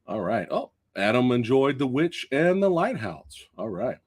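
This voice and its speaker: A man hosting a live-stream movie review show, chatting casually with viewers, excitable and swearing freely. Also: medium pitch, unhurried, breathy edge. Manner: chatty, addresses viewers directly.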